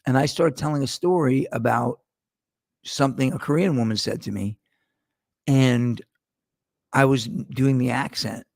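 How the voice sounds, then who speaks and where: A middle-aged man hosts his own podcast in a loose, rambling monologue, swearing freely and wandering off topic. His voice has a gravelly edge, and the sound is dry and close with no room around it. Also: mid-range voice, unhurried, pauses often, darkish tone, no room sound. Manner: rambling, profane, digressive. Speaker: podcast host. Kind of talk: casual monologue.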